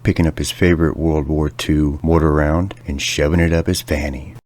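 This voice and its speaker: A man's voice: extremely low pitch, little pitch movement, normal speed, a little mellow, no room sound. A young man hosting a podcast, ranting sarcastically with lots of swearing in a casual comedic monologue. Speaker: podcast host.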